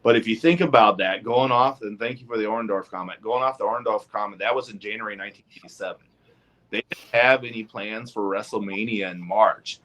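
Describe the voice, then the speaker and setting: Man, podcast guest, lowish voice, talks at length, casual chat, stacks up figures. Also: a little fast, fairly bright tone.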